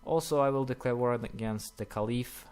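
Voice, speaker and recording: A young man commenting casually while playing a strategy game, rambling with many fillers and quick apologetic asides. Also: mid-range voice, a little mellow, smooth. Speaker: gaming commentator. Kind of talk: casual let's-play commentary.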